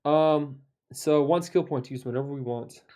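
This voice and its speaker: A man's voice: fairly high pitch, normal speed, mellow. A man playing a tabletop board game, counting dice aloud and coaching his partner through the rules in casual chat.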